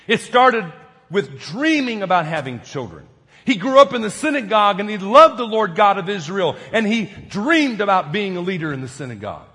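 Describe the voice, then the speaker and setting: A middle-aged man preaching a sermon, telling stories and swinging from soft, quiet passages to loud, emphatic peaks. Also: high voice, big-room sound. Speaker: pastor.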